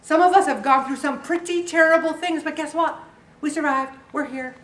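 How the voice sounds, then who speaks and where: A woman's voice: high voice, moderate pace, fairly bright tone, distant mic. A woman leading a support group, chatty and joking, who acts out the voices of the people she quotes. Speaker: weight loss group leader. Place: meeting room with a group. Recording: echoey room, voice picked up from afar.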